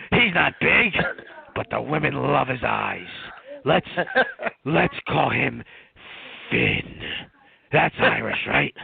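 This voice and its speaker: A man doing an impression of a blustering old male wrestling boss, with a raspy, manic crackhead-style voice on a podcast. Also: on the high side, exaggerated voice. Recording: tinny phone-like line.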